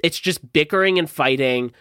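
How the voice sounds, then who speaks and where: A man on the higher side co-hosts a podcast, his clear, resonant, slightly bright voice moving at normal speed. The chat is loose and rambling, full of fillers, captured dry with clean studio sound.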